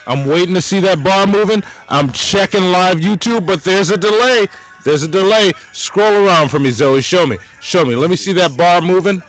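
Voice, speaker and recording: A man's voice: sits high, moderate pace, low-quality recording. A man co-hosting a live-streamed music talk show, brash and jokey, repeating himself, close on a mic that runs hot. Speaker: podcast co-host. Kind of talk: casual live-stream chat. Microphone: close studio mic, running hot.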